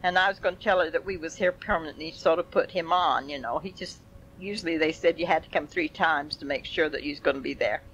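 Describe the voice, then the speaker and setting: A woman's voice: low voice, fast, fairly bright tone, muffled recording, a little hiss or hum. An older woman telling family stories in a folksy, rambling way with chuckles. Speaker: family storyteller. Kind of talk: oral history reminiscence.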